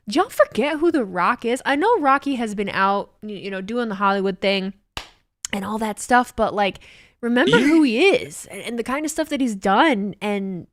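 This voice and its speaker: A young woman hosting a casual livestream, excitable and swearing freely as she reacts to chat comments. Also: a little high, no room sound, clean studio sound. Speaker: livestream host.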